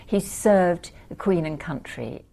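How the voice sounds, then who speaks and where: Woman doing a measured, formal British RP character, lowish voice. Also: expressive, vocal fry, mellow, full character voice. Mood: earnest. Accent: Received Pronunciation British.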